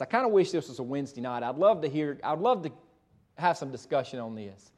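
A man's voice: fairly high pitch, lively intonation, brisk, a little mellow. A pastor preaching a sermon and reading scripture, emphatic and conversational, tossing rhetorical questions to the congregation and correcting himself as he goes.

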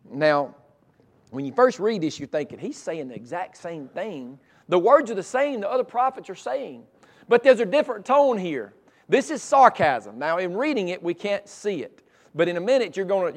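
A pastor preaching a sermon with passion, often restarting and repeating his words, and swinging between loud and hushed delivery. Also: high voice. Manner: frequent restarts and repetitions.

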